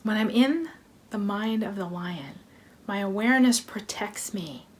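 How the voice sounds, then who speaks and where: A woman's voice: medium pitch, measured pace, darkish tone. A woman from a wellness team telling a playful teaching story, acting it out with props and little voices. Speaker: wellness educator. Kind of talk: storytelling lesson.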